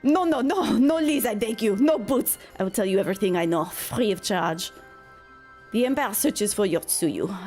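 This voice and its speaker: A woman's voice: on the low side, normal speed, a little mellow, soft background music, close to an everyday voice. A woman putting on an oily mock-French informant. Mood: pleading. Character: sly fawning male informant, greedy and evasive. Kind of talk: reading game dialogue aloud.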